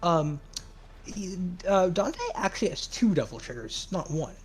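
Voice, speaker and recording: A man's voice: sits high, lively intonation, a little slow, husky, faint music behind. Rambling, argumentative young man on stream. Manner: rambling, argumentative, full of restarts and fillers. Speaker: co-host in a game modding discussion. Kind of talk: casual stream discussion.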